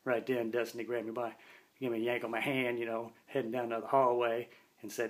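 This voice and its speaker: A middle-aged man spinning a story in an easy, folksy way, full of slang. His voice sits at a middle pitch, and he often slips into talking about himself in the third person. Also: little pitch movement, fast. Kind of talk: casual spoken storytelling.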